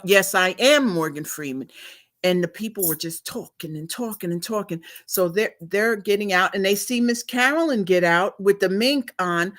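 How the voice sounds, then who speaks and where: A woman with a fairly low voice tells a story at an unhurried, drawn-out pace. She talks casually and chattily, laughing here and there like a host on a live stream.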